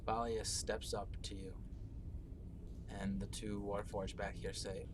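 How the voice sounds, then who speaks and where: A man narrating a tabletop game as game master, slow and hesitant with fillers. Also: on the low side, little pitch movement. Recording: clear background noise.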